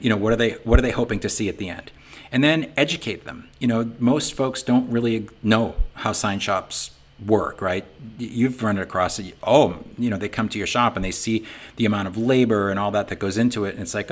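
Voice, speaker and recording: A man's voice: on the low side, fairly bright tone. A middle-aged man with a Boston accent giving an informal webinar talk, folksy and conversational, often saying "you know". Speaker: webinar presenter for a sign business software company.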